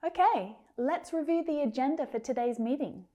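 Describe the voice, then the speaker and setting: A woman teaching English pronunciation, saying words slowly and clearly, drilling each one several times with careful articulation. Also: high voice, expressive, warm tone. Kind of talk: slow, deliberate pronunciation lesson.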